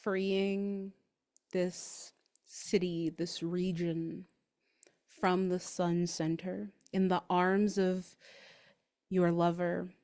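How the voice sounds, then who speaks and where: A woman runs a tabletop game and narrates its grim ending in a slow, halting, dramatic way. Her voice sits a little low, and she takes her time with every phrase. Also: little pitch movement, dark tone, smooth. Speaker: game master.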